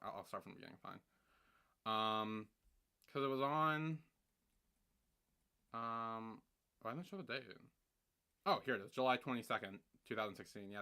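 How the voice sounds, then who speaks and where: A man in his twenties streaming a reaction, excitable and laughing, swearing often. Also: medium pitch. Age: 20s. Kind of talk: livestream reaction commentary.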